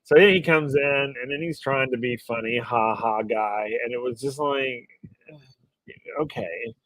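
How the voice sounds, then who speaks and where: A man co-hosts a casual live-streamed podcast and reacts to the week's wrestling with a laid-back, exasperated air. His voice sits at an ordinary pitch. The sound is dry and close, with no room around it. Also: measured pace, a bit bright, dry recording, poor audio. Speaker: podcast co-host. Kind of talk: casual wrestling recap chat. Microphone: remote live-stream call mic.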